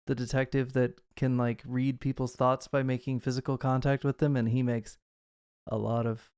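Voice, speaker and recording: Talkative man with a smooth voice. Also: mid-range voice, normal speed, no echo, clean studio sound. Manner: animated, rambling, lots of fillers. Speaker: podcast co-host. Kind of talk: casual film discussion.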